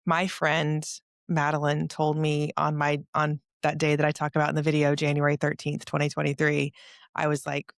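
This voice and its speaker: A woman hosting a podcast, telling a personal story openly and emotionally, with frequent "like" and occasional throat clearing. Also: low voice, no echo, clean studio sound. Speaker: podcast host. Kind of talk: heartfelt conversational storytelling.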